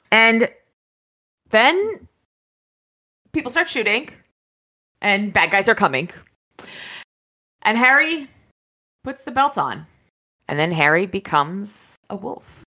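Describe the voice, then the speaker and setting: A woman's voice: medium pitch, bright, forceful tone. A woman hosting a casual book-discussion podcast, talking enthusiastically and with plenty of swearing while she summarizes chapters and reads passages aloud. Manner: enthusiastic and profane. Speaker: podcast host.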